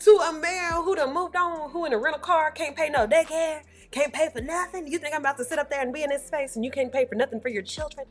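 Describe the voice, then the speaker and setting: A woman's voice: high voice, fast talker, hardly any pauses, faint music behind. A woman doing reaction commentary on clips, blunt, exclaiming and profane.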